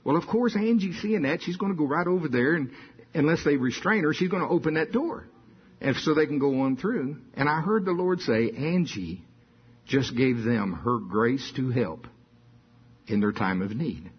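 A man's voice: mid-range voice, animated, moderate pace, slightly rough. An older man preaching a sermon in a folksy storytelling manner, building to emphatic bursts. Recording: dull lo-fi sound.

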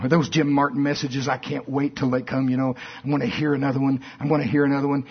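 A man preaching a folksy, animated sermon that rises to shouts at its peaks. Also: medium pitch, brisk, husky. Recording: dull lo-fi recording.

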